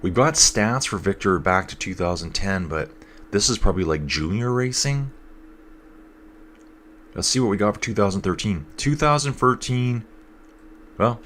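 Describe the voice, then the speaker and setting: A man with a very low voice talks casually through a live race, his nose a bit stuffed up. He keeps an easy, chatty flow, reading out comments from viewers as he goes. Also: fairly bright tone, a little hiss or hum.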